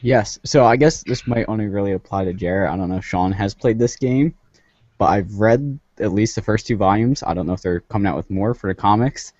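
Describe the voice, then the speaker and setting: A man's voice: on the low side, brisk, a little mellow, dry recording, dull audio. A man co-hosting a gaming podcast, eagerly recommending comics in a casual chat. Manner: enthusiastic recommending. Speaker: podcast co-host.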